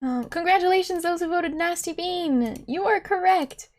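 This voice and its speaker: A woman's voice: very high-pitched, normal speed, darkish tone. A woman live-streaming a video game, giggling often and chatting to her viewers as she plays. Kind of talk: live gameplay commentary.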